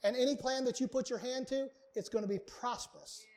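A man's voice: very high-pitched, fairly even intonation, fairly quick, a little mellow. A male pastor preaching a sermon to his congregation, earnest and emphatic, repeating key words for weight. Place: church sanctuary.

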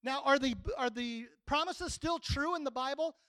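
A man's voice: very high-pitched, normal speed, fairly bright tone, no room sound, low-quality recording. A man in his sixties preaching a sermon in a folksy, plainspoken, conversational way.

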